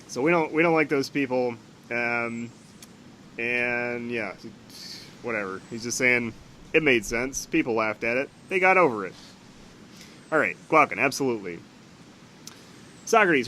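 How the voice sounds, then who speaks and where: A man's voice: medium pitch, lively intonation, a little slow, long pauses, bright, forceful tone, slight background noise, rough recording. A man reading a classic dialogue aloud and breaking off to comment on it in a casual, offhand way. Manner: reads dialogue aloud then chats about it offhand. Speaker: reader and commentator on a philosophy text.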